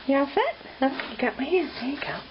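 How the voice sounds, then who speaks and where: A woman gently coaxing and praising her toddler in soft baby talk, filmed at home on a handheld camera. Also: high voice, sing-song, fairly quick. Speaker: parent filming her toddler. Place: home, by the stairs and in a child's room. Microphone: handheld camera filming from behind. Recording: dull lo-fi home video with background noise.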